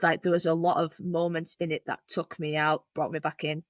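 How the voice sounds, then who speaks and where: Brief: young woman, podcast co-host, somewhat low voice, casual filler-heavy talk, dry close mic. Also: level tone, fairly quick, no room sound. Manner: chatty, frequent "like" and "you know", repeats herself. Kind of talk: casual film review chat.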